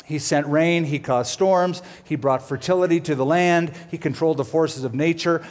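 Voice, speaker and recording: Animated male pastor preaching. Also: moderate pace. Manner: animated storytelling, voices quoted characters with big pitch swings. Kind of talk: sermon.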